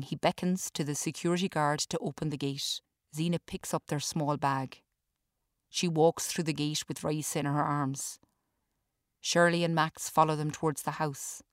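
Low, even woman reading a story. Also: normal speed, no echo, studio quality. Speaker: author reading her story. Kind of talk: scripted storytelling narration.

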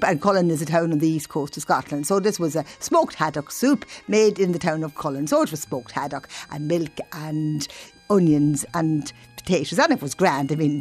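Older woman, low voice, chatty storytelling, radio studio, faint music behind. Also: breathy edge. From Ireland. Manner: explains at length, good-humoured. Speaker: radio guest.

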